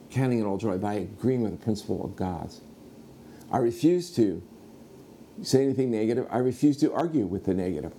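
Middle-aged man preaching through a story. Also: slight background noise. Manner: animated storyteller, acts out the other man with a high voice. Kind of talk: sermon storytelling.

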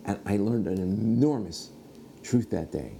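A middle-aged man from the United States telling a personal story in a sermon, animated, acting out the other people in it. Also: fairly low pitch, a little slow, creaky, slight background noise. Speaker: preacher.

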